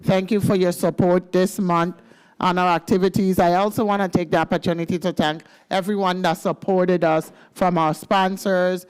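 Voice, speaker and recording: A woman's voice: on the low side, little pitch movement, moderate pace, a little mellow, smooth. A woman with a Virgin Islands accent gives an upbeat, playful speech at a legislative ceremony and leads the crowd in chants. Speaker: government senior services official.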